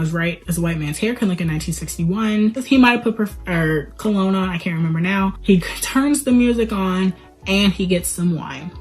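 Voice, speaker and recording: A woman giving a casual movie commentary, retelling scenes in an animated, sarcastic way and swearing now and then. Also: on the low side. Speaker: movie reviewer, channel host.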